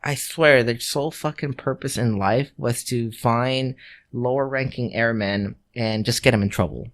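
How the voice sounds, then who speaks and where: A man's voice: mid-range voice, steady tone, unhurried. A man co-hosting a podcast, telling a story in casual chat, swearing freely, laughing, and acting out the people he quotes. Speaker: podcast co-host.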